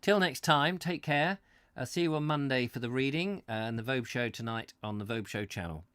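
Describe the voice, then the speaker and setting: A man in his fifties chatting live to his viewers, halting and rambling as he searches for words, earnest and heartfelt. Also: medium pitch, fairly bright tone, smooth, no echo, clean studio sound. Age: 50s. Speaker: host of a live reading channel. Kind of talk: casual live chat to viewers. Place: his own studio.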